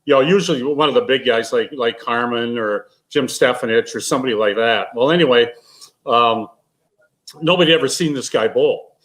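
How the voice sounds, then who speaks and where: A man's voice: medium pitch, normal speed, a bit bright, poor audio. Older male guest, storyteller type, loose and rambling, mid-range voice. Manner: rambling anecdotes with restarts and laughs. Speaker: guest, retired pro bowler. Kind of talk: casual storytelling.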